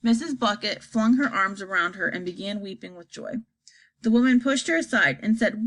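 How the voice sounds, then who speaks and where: A woman narrating a children's storybook aloud in an expressive, animated way. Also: mid-range voice, moderate pace. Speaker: audiobook narrator.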